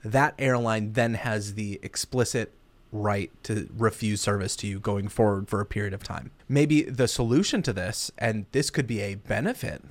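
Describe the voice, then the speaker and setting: A man's voice: lowish voice, moderate pace, dry recording. A young man co-hosting a podcast, chatting casually with crude, joking humor. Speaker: podcast co-host. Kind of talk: casual chat.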